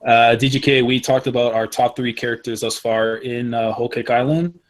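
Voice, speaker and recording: Male host, mid pitch, easygoing, filler-heavy group call talk. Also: fairly quick. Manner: relaxed, peppered with "like". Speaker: podcast host leading the discussion. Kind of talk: casual group chat over voice call.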